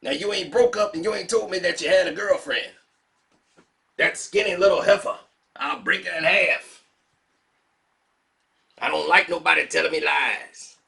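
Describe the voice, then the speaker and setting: A man's voice: fairly high pitch, moderate pace, vocal fry, long pauses, bright, forceful tone. A man doing a sassy, brassy guy in a wig. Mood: scolding. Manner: sassy, scolding, challenging. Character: brassy man in a wig who calls himself a woman, tough and jealous.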